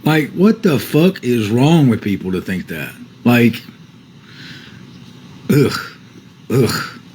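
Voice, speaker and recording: Male livestreamer, animated pitch, defensive chat replies, faint background noise. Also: slow, poor audio. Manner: defensive, swearing, laughs at comments. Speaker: livestreamer reading viewer comments.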